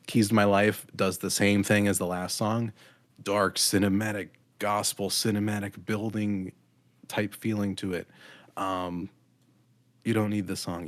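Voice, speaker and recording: A man's voice: low voice, dry recording. A man co-hosting a podcast, giving a blunt, critical album review in casual chat with frequent ums. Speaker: podcast co-host.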